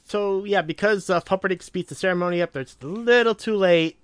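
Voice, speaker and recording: Animated man discussing a film. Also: sits high, fairly quick, clean tone, no echo. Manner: animated, acts out quotes in a loud voice. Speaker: podcast co-host.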